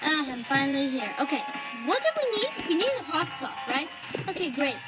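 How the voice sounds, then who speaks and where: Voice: sits high, big pitch swings, brisk. A child narrating a phone game, chatting and thinking aloud while playing. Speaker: game player narrating a let's-play. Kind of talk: let's-play narration with role-play. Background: cheerful game music.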